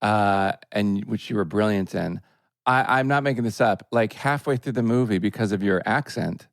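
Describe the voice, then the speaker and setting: A man's voice: lowish voice, normal speed, gravelly, no echo, clean studio sound. Eager rambling co-host man. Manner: eager, frequent yeahs, rambling questions. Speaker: podcast co-host. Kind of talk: casual chat.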